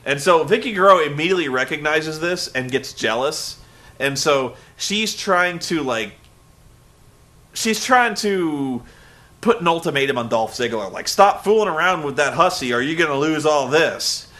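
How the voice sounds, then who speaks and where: Young male host, rambling wrestling rant, bright and fairly high voice. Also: moderate pace. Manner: animated, rambling, jumps into loud shouted impressions. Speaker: web show host. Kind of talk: casual wrestling recap rant.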